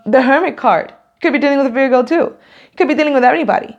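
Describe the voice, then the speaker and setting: A woman's voice: sits high, expressive, very fast, vocal fry, dull audio. A woman doing a casual, emotional tarot reading to camera, rambling and laughing often, near tears. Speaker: tarot reader.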